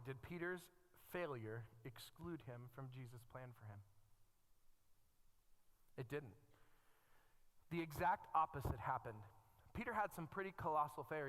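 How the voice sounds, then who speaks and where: A man's voice: a little high, a bit bright. A middle-aged man preaching a conversational sermon as a pastor, reading scripture aloud and adding self-deprecating asides. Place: church sanctuary. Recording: long church reverb.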